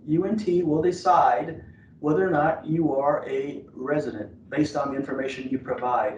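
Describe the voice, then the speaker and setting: A man's voice: a little high, darkish tone, a little hiss or hum. Earnest man advising, in a roomy lo-fi recording. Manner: advisory, earnest, frequent fillers and restarts. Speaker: admissions officer. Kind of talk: webinar presentation. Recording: roomy, distant, dull lo-fi webinar audio.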